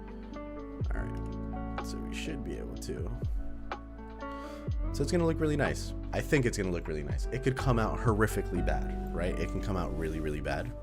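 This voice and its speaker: A man chatting casually on a journaling livestream, relaxed and rambling, thanking viewers as he goes. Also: low voice, normal speed, pauses often. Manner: relaxed, rambling, reads out chat. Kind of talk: casual stream chat. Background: lofi music.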